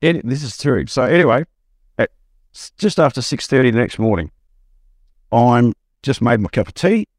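Lively Australian man telling a story. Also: moderate pace, pauses often, no room sound, studio quality. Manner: storytelling, acts out quotes with rising pitch. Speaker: buyer's agent guest. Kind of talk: animated anecdote in podcast chat.

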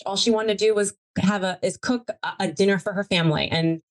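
Woman guest, mid pitch, heartfelt rambling storyteller who corrects herself. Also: brisk. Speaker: TV producer guest. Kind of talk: conversational storytelling interview.

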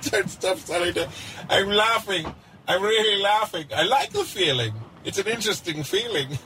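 A pompous, lively-voiced lord. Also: male voice, high-pitched, moderate pace, slight background noise. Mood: giggly. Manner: haughty, bursts into giggles. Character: pompous, humorless aristocratic male lord. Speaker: lead character. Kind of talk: comedic audio drama acting.

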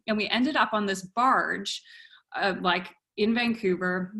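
A wellness coach with a mid-range voice tells a story at normal speed in a casual interview, animated as she acts out her own dialogue and laughs often.

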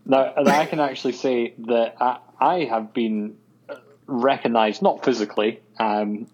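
A man's voice: mid-range voice, steady tone, a little slow, a little mellow. A man with a Scottish accent reading listener questions in casual chat, hesitant and full of fillers. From Scotland. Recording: dull lo-fi sound.

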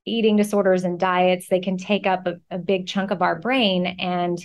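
A woman's voice: on the low side, level tone, normal speed. A woman hosting a podcast, introducing her guest and asking questions in an encouraging, emphatic way. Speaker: podcast host. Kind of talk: casual podcast interview.

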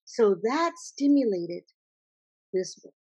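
Emphatic high-voiced woman author. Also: takes it slowly, slightly rough. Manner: emphatic, animated storyteller. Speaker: guest author. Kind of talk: conversational interview.

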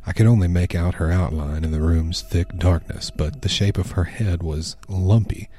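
Very deep, husky male narrator. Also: darkish tone. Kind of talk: scripted horror narration.

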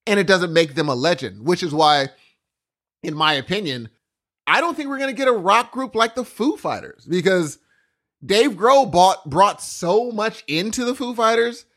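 A man co-hosting a podcast in loose, casual chat. His voice sits a little high and swings widely in pitch. He talks in an animated way, jumping in and restarting his sentences as ideas hit him. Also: moderate pace. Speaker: podcast co-host.

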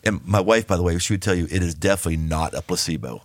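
A man's voice: low-pitched, lively intonation, quick pace, hardly any pauses, no echo. A man in his fifties, a podcast host talking as the guest, speaking emphatically and often repeating and restarting his words. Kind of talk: casual podcast conversation.

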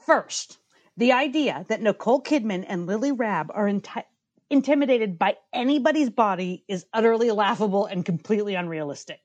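A woman's voice: medium pitch, animated, brisk, a little mellow, dry recording, dull audio. Blunt, profane woman ranting in a podcast. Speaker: podcast co-host. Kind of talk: casual opinionated review chat.

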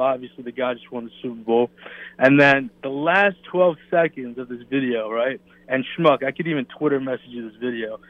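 A man's voice: mid-range voice, no echo. A man calling into a radio show, eagerly telling a story. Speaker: caller. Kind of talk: phone-in chat. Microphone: telephone. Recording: tinny phone line.

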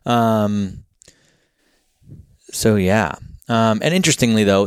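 A man talks through a casual podcast monologue, wandering from thought to thought with plenty of filler words. He sounds a little short of breath, and his voice sits a touch low. The recording is dry and close, with no room sound. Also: a little slow, long pauses, dry recording. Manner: rambling, frequent filler words. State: slightly out of breath. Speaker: podcast host.

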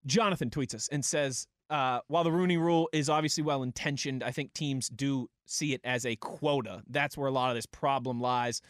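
A man's voice: mid-range voice, fairly even intonation, moderate pace, few pauses, no echo, studio quality. A man hosting sports talk radio, chatting casually and reading listener tweets. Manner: conversational, reads listener tweets aloud.

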